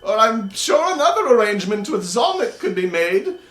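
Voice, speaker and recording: A man voicing a fussy, nervous elderly male wizard in a tabletop game, speaking in a shrill, exclamatory way. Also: big pitch swings, normal speed, fairly bright tone. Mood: pleading. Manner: shrill, exclamatory, high-pitched. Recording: roomy echo.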